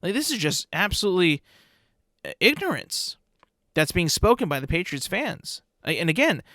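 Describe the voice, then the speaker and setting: A man's voice: sits high, big pitch swings, normal speed, bright, forceful tone, no echo, clean studio sound. A young man hosting a solo podcast, ranting in exasperation with plenty of swearing. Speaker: podcast host.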